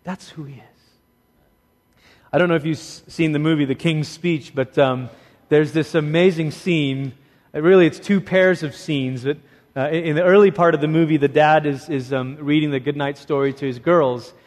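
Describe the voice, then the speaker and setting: A man preaching a sermon in a conversational, animated way, swinging between lively asides and hushed, emphatic lines. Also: fairly high pitch, moderate pace. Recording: long hall reverb.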